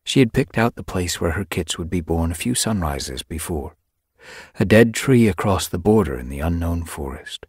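A man reading an audiobook as narrator, in a measured storytelling manner, recorded in a studio. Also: sits low, lively intonation, husky, no echo. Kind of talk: scripted narration.

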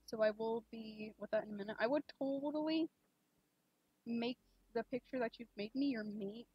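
A young woman streaming a game, chatting casually and rambling with lots of fillers, gushing excitedly at times. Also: fairly high pitch, normal speed, husky, no room sound. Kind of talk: casual live-stream chat. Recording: dull lo-fi stream mic.

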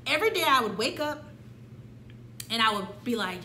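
A woman in her twenties telling a candid personal story in an animated, slangy way, acting out her own past lines. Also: sits high, fairly quick, reverberant, a little hiss or hum. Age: 20s. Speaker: vlogger.

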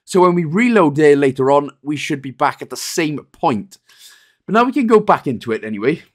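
A man's voice: fairly high pitch, very animated, fairly quick. A man hosting a game walkthrough, talking playfully and joking with made-up wordplay. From Wales. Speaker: gaming guide host.

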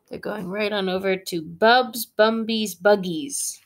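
A woman teacher reading a picture book aloud to students and pausing to ask them gentle questions. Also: medium pitch.

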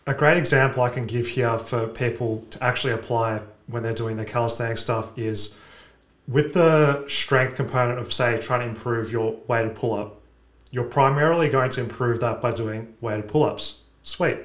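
Male podcast host, mid-pitched, methodical and calm coaching tone, roomy echoey recording. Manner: measured, methodical coaching explanation. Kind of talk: explanatory podcast talk.

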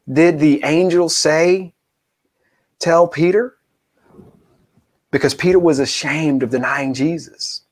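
Animated high-voiced preacher man. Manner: animated storytelling, acts out quoted voices. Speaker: pastor. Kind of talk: sermon. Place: church.

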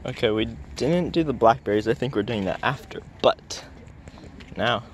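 A man's voice: medium pitch, moderate pace. A young man in casual vlog chat, goofy and rambling, filming on a handheld camera at an outdoor berry farm. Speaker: vlogger. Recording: noisy outdoor background.

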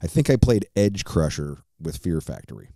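A man's voice: low voice, big pitch swings, normal speed, mellow, no echo, studio quality. A middle-aged man hosting a podcast, telling a profane, rambling story casually with lots of fillers. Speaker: podcast host.

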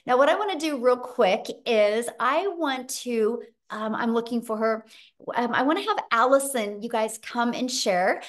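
Woman, webinar host, upbeat, fairly high voice, video call. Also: animated, measured pace. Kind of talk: live webinar hosting.

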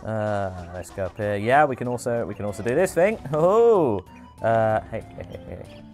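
Male streamer, lively swooping delivery, chatty gameplay commentary, game music faint behind. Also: fairly low pitch. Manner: excitable, chatty, quick exclamations and cheers. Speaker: streamer hosting a speedrun.

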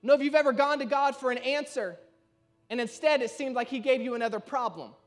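A man preaching a sermon, telling a story with lively acted-out quotes. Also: brisk, soft background music. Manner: animated storytelling, acts out quoted voices with shifts in pitch and loudness. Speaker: pastor.

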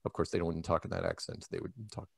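A man's voice: deep voice, big pitch swings, racing, gravelly, dry recording. A man from the United States, talking casually in an interview, rambling with many restarts and quoted asides. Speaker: interview guest.

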